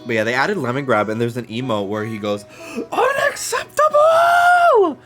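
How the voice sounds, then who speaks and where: A man's voice: mid-range voice, fast talker, a bit bright, faint music behind. A man with a stuffy nose chatting casually and rambling as he streams a game, swearing freely.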